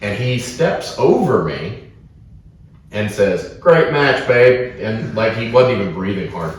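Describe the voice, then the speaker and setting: A man co-hosting a casual podcast, telling profane, animated stories. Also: fairly low pitch, unhurried. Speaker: podcast co-host, wrestler. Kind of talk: casual storytelling chat. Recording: roomy echo, distant from mic.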